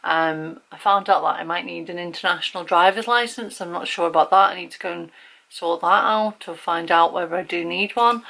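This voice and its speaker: A woman's voice: fairly low pitch, vocal fry, a bit bright, low-quality recording. A young woman from England chatting casually to camera, rambling with lots of fillers and restarts. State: recovering from illness, feeling weak. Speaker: vlogger.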